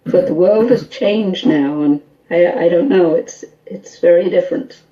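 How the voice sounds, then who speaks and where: A woman guest on a call-in radio show, telling an animated story full of quoted dialogue and small laughs. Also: lowish voice, unhurried, muffled recording. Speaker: guest, skull interpreter.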